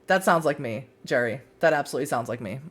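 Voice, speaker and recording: Lively, laughing woman streamer. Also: rumbling low, fast talker. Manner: laughs often, chatty and self-mocking. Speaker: game streamer and community ambassador. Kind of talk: casual let's-play commentary and narration.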